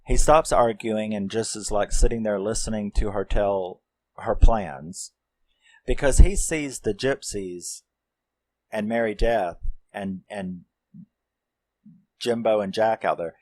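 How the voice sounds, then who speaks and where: Slow, low-voiced man recapping a film. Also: poor audio. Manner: rambling, loose, with many fillers and some swearing. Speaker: film reviewer. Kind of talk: casual plot recap.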